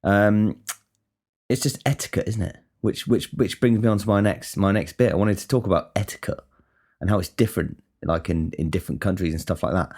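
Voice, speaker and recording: A man's voice: on the low side, darkish tone. A man hosting a casual solo podcast, rambling and swearing with many restarts. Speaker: podcast host.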